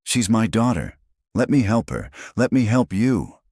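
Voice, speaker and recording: A man voicing a shaken young father who pleads hoarsely to help his daughter, in a story narration. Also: on the low side, very animated, measured pace, darkish tone, dry recording, studio quality, voice pushed up. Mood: urgent.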